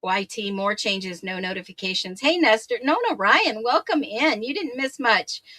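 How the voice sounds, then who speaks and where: An upbeat woman hosts a live stream, greeting her viewers by name and laughing as she chats. Her voice is bright and a touch hoarse, and the sound is close and dry with no room around it. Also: fairly high pitch, lively intonation, moderate pace, no room sound. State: slightly hoarse voice. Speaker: true crime livestream host. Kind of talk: casual livestream chat, reading viewer comments.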